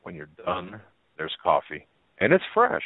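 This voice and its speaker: A man's voice: low-pitched, huge pitch swings, unhurried, husky, dry recording, exaggerated voice. A man reading aloud as a kindly, lonely old gas station owner who talks in a plain, homespun way. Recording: narrow phone-like line.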